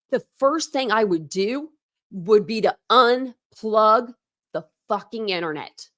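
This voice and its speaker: This true crime host speaks at a fairly high pitch, expressively, while ranting about online drama. Profanity and repetition pile up as she winds herself up. When she reads out documents, she slows her pace and mocks the text.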